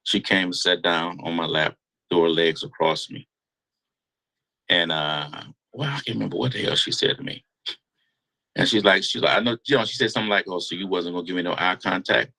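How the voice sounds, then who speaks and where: Man, low gravelly voice, raspy, slangy animated storyteller, interview guest. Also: normal speed, pauses often, low-quality recording.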